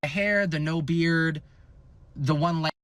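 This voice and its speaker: A man in his twenties telling a casual storytime tale, animated and profane, acting out what people said. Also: on the high side, slow, no room sound. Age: 20s.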